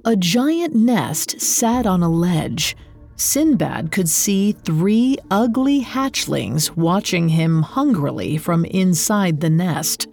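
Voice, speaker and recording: A woman reading a scripted story in a measured, expressive narrating voice. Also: on the low side.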